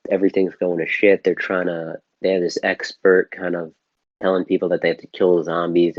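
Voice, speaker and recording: Low-voiced male podcast co-host, rambling casual film chat, dull dry lo-fi sound. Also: a little mellow, no echo. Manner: rambling, loose, swears casually.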